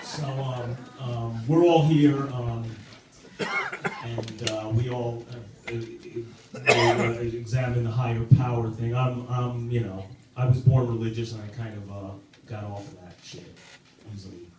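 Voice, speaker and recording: A man doing a halting, self-deprecating stand-up set with many fillers and restarts, in a club basement with a live audience. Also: mid-range voice, sing-song. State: sober, in recovery. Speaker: stand-up comedian. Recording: very echoey room, distant mic, audible noise.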